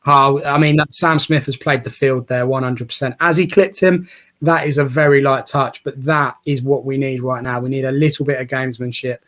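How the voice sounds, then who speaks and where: A man giving casual, excitable live commentary on a football match as a co-host, chatty and quick to cheer and tease. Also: medium pitch. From England.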